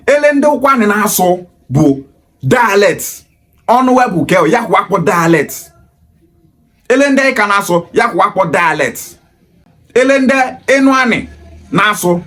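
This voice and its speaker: Nigerian man, high-pitched, emphatic lecture, rhetorical. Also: a bit bright. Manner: emphatic, preachy, rhetorical questions. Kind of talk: impassioned monologue in Pidgin and Igbo.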